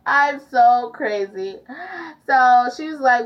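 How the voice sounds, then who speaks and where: A woman's voice: a little high, measured pace. A teenage girl telling a storytime vlog, chatty and full of fillers as she retells it. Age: teens. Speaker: vlogger. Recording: dull lo-fi audio.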